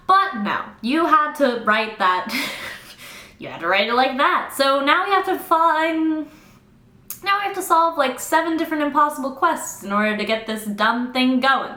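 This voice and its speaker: A young woman casually recapping a novel with sarcastic, fast-talking, swear-heavy humor. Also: high-pitched, expressive, sharp tone. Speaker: book reviewer. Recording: roomy echo.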